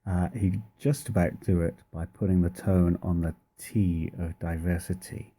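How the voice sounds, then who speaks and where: A man giving an informal spoken lesson on church chant, thoughtful and hesitant, pausing often to find his words. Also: low-pitched, fairly even intonation, warm tone, husky. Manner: thoughtful, hesitant, many pauses and fillers. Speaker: church music teacher.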